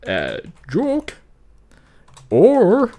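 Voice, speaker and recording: Dude rambling thru a computer tutorial, slow talker, voice bouncing all over, laughs a lot, swears some, keyboard clacking. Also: male voice, high voice, huge pitch swings, warm tone. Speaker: YouTuber. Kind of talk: casual screen-recording tutorial.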